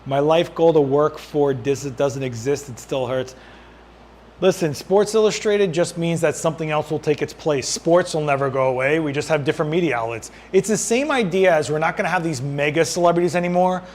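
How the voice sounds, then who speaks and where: A man hosting a casual live-stream Q&A as a photographer, answering viewer questions while he adjusts his lights, his voice worn and going hoarse. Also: on the high side, fairly quick, slight background noise. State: losing his voice.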